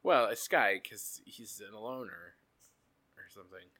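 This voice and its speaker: Male co-host, very lively pitch, bright tone, mock-outraged banter. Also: measured pace. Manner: animated, swearing, mock-outraged riffing. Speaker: podcast co-host. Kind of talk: casual chat.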